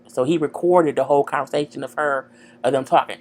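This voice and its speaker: A woman casually recapping a TV episode, slangy and animated, talking straight to her viewers. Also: low-pitched, a little fast, slight background noise. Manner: animated, slangy, acts out dialogue, chats to viewers. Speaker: TV show recapper.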